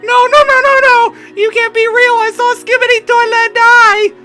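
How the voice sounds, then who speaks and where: A gaming streamer voicing a frantic, cheerful schoolgirl club leader in a high, shrill falsetto while reading a visual novel aloud. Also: a little slow, over loud music. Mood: panicked. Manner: shrill and theatrical.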